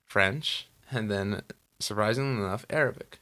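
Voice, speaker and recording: A man's voice: fairly low pitch, moderate pace, sharp tone. A man co-hosting a podcast, chatting casually and rambling with lots of "like" and "you know.". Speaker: podcast co-host. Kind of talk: casual chat. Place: Los Angeles.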